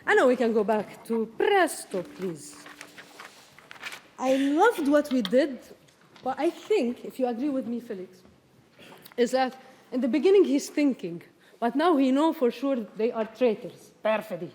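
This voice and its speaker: High-voiced woman conductor in a hall. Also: expressive, a little slow, darkish tone. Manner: sings out rhythms, coaching and encouraging. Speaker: orchestra conductor. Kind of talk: orchestra rehearsal instructions. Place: concert hall with orchestra. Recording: reverberant hall, orchestra behind.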